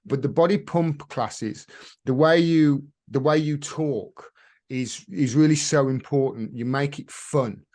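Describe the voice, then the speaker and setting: A man's voice: on the high side, a little slow, darkish tone. A man hosting a casual interview, talking enthusiastically, often repeating and restarting words. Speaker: host.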